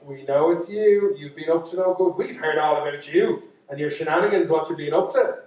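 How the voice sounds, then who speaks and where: An Irish man doing a sly, high fairy chief. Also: brisk, a little mellow, close to an everyday voice. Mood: mocking. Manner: mocking, sly. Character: teasing leader of knee-high fairy folk. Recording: echoey hall, speaker far from mic.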